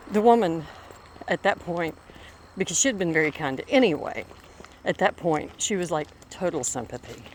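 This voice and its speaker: A woman's voice: lowish voice, a little hiss or hum. A middle-aged woman telling a rambling story on a walk outdoors, breaking off now and then to call her dog. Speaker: vlogger walking her dog.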